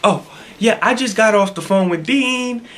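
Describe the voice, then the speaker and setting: A flustered female customer service rep rushes through excuses in a high, apologetic voice, the way a man would mock her while retelling the call. Her voice is bright and carries an edge. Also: a little hiss or hum.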